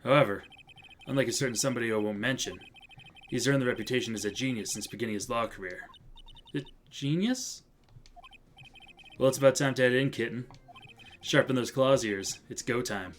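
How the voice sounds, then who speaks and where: A man voicing a suave, cocky male defense attorney mentor in a slow, low, smooth drawl while playing a game. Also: slight background noise, lightly acted. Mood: teasing. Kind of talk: let's play voice acting.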